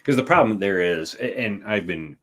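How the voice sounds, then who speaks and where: A man's voice: lowish voice, expressive, moderate pace, a bit bright. A man who designs war games, explaining at length as a guest in a casual chat, with restarts and "right?" tags.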